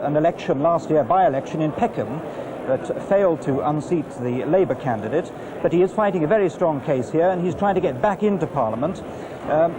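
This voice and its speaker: A man's voice: fairly high pitch, background noise. A male reporter giving a live report from a school hall at an election count, informative, with frequent fillers. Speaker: field reporter. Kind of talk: live outside broadcast report.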